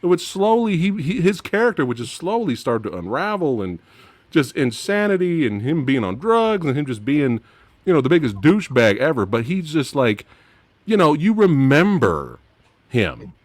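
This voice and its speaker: A man hosting a casual movie-review chat, animated and laughing often, his voice dropping low at the end of phrases. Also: normal speed, dry recording. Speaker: podcast host.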